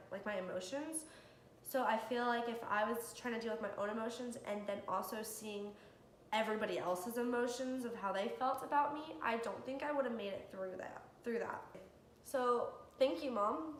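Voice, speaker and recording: Young woman, candid vlogger, slightly high voice, echoey room, faint hiss. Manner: candid and earnest, with soft laughs and ums. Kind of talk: personal vlog, answering questions to camera.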